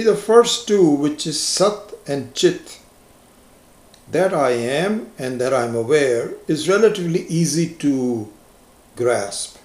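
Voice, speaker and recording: A man giving a slow, reflective spiritual lecture as a teacher, stressing key words with rising emphasis. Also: a little high, darkish tone. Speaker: Vedanta teacher. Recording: echoey lecture room.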